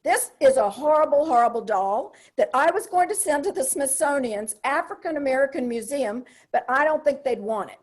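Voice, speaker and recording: Older woman, solo comic monologist; high, very animated pitch, wry and confiding, punchy asides. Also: moderate pace, hardly any pauses. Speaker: solo theater performer. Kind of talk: comedic solo stage monologue.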